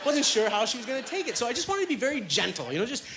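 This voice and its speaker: A man performing a stand-up comedy set on a club stage, chatty and self-deprecating, with plenty of filler words and quick asides. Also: extremely high pitch, big pitch swings, a bit bright, a little hiss or hum.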